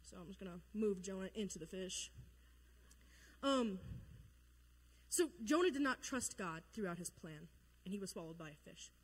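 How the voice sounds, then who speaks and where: A woman gives a relaxed Bible lesson to a youth group, her voice bouncing off the walls of an echoey hall. She talks in a chatty, joking way and slips into silly voices when she quotes people. Her pitch sits in an ordinary middle range. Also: normal speed. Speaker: youth Bible study leader.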